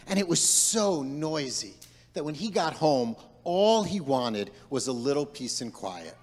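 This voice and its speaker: Man, rabbi, playful storyteller, high voice, long echo of a big sanctuary. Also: sing-song, measured pace. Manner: playful, directing audience participation. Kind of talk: storytelling to a congregation. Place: large synagogue sanctuary. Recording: long hall reverb.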